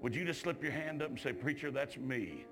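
A man preaching a revival sermon in a church, drawling folksy asides and shouting at the climaxes. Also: mid-range voice, lively intonation, brisk, vocal fry, music in the background.

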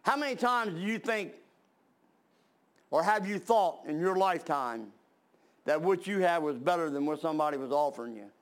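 A man's voice: a little high, lively intonation, normal speed, long pauses. A man preaching a sermon, reading scripture aloud and then explaining it in plain talk with fillers and restarts.

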